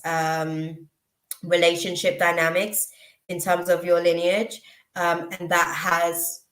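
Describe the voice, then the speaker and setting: A woman gives a live tarot reading in a low-pitched, unhurried voice. She pauses often, restarting her sentences as she feels her way to the message. Her voice carries the echo of a roomy space. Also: fairly bright tone. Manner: slow, reflective, with frequent ums and restarts. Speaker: tarot reader.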